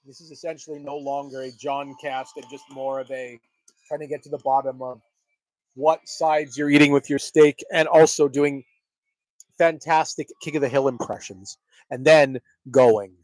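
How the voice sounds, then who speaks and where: A man's voice: medium pitch, steady tone, normal speed, darkish tone, no room sound, low-quality recording. A man hosting a casual wrestling chat show, rambling and joking with lots of swearing. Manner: rambling, profane, jokey. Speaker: podcast host.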